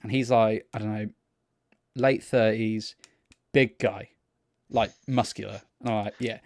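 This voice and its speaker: A young man, co-hosting a podcast and telling a sweary, animated story about people he met. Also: fairly low pitch, a little slow. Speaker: podcast co-host. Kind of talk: casual storytelling chat.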